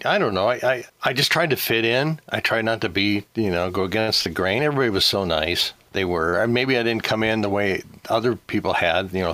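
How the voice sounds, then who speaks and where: A man's voice: lowish voice, sharp tone, dry recording. An older man from the Seattle area, a former radio DJ, telling casual stories in an interview and rambling with many restarts. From Seattle area, USA.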